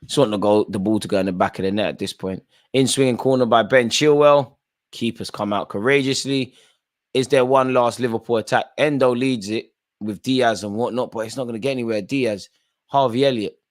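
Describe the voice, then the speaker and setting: A man's voice: medium pitch, a little fast. A man hosting a live football watchalong, calling out players by name and bantering in casual slang. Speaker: watchalong host.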